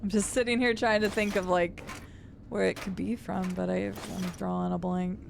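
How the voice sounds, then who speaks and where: Young woman, streamer, casual gaming chat, friendly greetings, gravelly, noisy desk mic. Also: mid-range voice, fairly even intonation, moderate pace. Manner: chatty, greets viewers warmly, thinks out loud.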